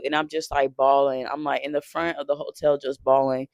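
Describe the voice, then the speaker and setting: Shaken, halting man telling his story. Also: fairly high pitch, little pitch movement, vocal fry, a little mellow, dry recording, clean studio sound. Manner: emotional, halting, profane, many restarts. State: shaken while recounting. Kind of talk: unscripted personal storytime.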